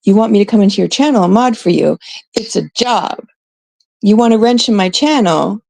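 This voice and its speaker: A woman's voice: medium pitch, moderate pace, vocal fry, darkish tone, no room sound. A blunt woman from Canada, talking casually to her live-stream chat in an exasperated way, swearing freely and quoting people mockingly. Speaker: livestream host.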